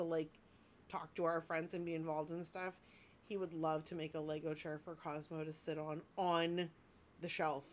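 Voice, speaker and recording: A woman's voice: sits low, little pitch movement, moderate pace, slight background noise. Gushing, rambling woman vlogger. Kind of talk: casual unboxing chat.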